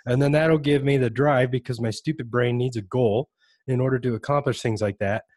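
A man's voice: medium pitch, steady tone, fairly quick, darkish tone, no room sound. A man hosting a casual podcast chat, talking animatedly and laughing often as he acts out little voices. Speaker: podcast host.

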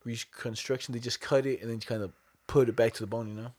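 A man co-hosting a podcast, talking in animated slang and often asking "you know what I'm saying". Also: medium pitch, fast talker. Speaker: podcast co-host. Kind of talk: casual chat.

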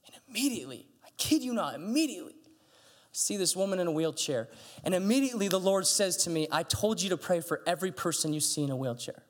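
Animated pastor preaching in a big hall. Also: male voice, fast talker. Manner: animated, acts out dialogue with big pitch jumps. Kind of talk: sermon storytelling. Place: church stage. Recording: long hall reverb.

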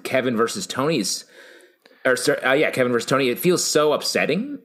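A man's voice: mid-range voice, lively intonation, fairly quick, fairly bright tone. A man co-hosting a podcast, chatting casually about a TV episode in a rambling, self-correcting way. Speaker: podcast co-host. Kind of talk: casual TV recap chat.

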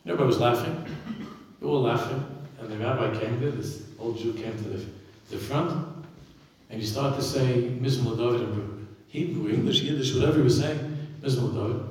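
A man, a rabbi, telling a story in an impassioned sermon that swells to loud emphasis. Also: medium pitch, fairly quick. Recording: echoey hall, distant mic.

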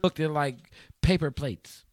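A man from Chicago hosting a community radio call-in show, joking loudly and slangy with friends in the studio. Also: fairly high pitch, unhurried. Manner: rowdy, joking, slangy, talks over friends. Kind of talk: loose call-in radio banter.

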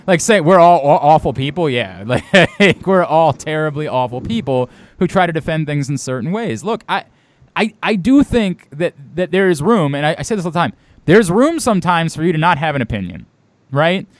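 Emphatic, lively-voiced man from Baltimore. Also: on the high side, moderate pace, no room sound. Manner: emphatic, blunt, swears. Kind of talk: casual opinionated chat.

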